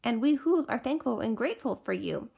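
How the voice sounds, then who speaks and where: A woman's voice: a little high, expressive, fairly quick, vocal fry, a little mellow, breathy edge, heavily acted. Woman doing a tiny piping mayor. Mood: eager. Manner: eager, piping. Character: tiny cheerful male mayor of a speck town.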